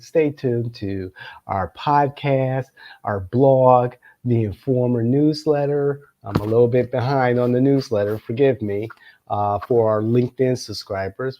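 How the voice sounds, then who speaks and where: A man's voice: medium pitch, mellow. A middle-aged man hosting a show, telling a personal story to the camera in a meandering way, with many filler sounds and chuckling asides. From Florida, United States. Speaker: political consultant and show host. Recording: dull lo-fi sound.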